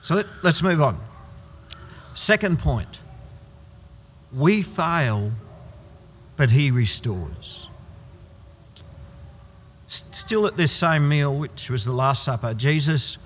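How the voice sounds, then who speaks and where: Animated male preacher in an echoey hall. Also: on the high side, a little hiss or hum. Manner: emphatic, slowing right down on key words. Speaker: pastor. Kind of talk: sermon.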